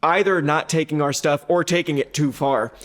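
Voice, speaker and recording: A man's voice: fairly high pitch, moderate pace, fairly bright tone. A young adult man co-hosting a podcast, talking casually in a wry, reflective way. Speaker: podcast co-host. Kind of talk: casual chat.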